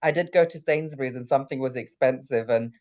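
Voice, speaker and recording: Animated man telling stories. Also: mid-range voice, fast talker, lo-fi sound. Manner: animated storyteller, laughs through anecdotes. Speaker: stage actor guest. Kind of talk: casual interview chat.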